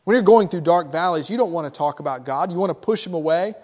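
A man preaching a sermon as pastor, earnest and emphatic, slowing down to stress key phrases. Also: fairly high pitch, animated, darkish tone. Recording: long hall reverb.

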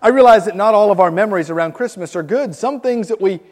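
A man in his thirties from Miami, Florida, shares Christmas memories with a group, his high-pitched voice moving at a quick pace with a long reverb tail. His storytelling is animated, though he stammers and repeats words.

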